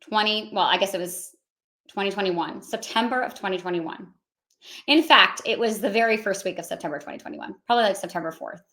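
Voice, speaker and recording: A woman, a podcast guest, telling a personal story in a fast, excitable way, peppering it with fillers. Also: medium pitch.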